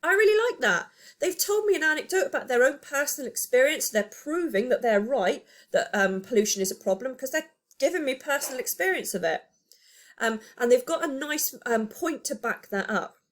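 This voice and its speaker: A woman teacher giving a recorded lesson to pupils, explaining with emphatic, animated delivery and rhetorical questions. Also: high-pitched, moderate pace.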